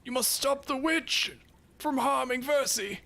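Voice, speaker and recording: A man's voice: very high-pitched, measured pace, vocal fry, pushed and bright, voice pushed up, full character voice. A man voicing a panicked old male priest who stammers and begs for help. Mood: pleading. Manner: pleading, stammering, repeats words.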